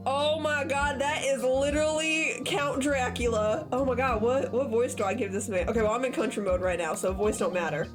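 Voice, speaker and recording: A woman's voice: a little high, steady tone, normal speed, hardly any pauses. Laughing woman streaming a game. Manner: laughing, exclaiming, self-mocking. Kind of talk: live game playthrough commentary. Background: game music.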